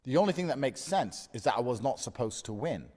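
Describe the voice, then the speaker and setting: A man's voice: mid-range voice, expressive, a little fast, a little mellow, husky, big-room sound. A man in his thirties speaking in a blunt, defiant and profane monologue about losing a fight. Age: 30s. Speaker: fighter reflecting on a loss. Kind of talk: candid monologue.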